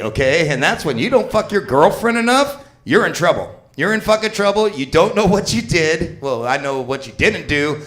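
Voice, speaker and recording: Profane fifty-year-old man doing stand-up. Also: on the high side. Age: 50s. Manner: crude, rambling, shouts punchlines. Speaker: stand-up comedian. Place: comedy club stage.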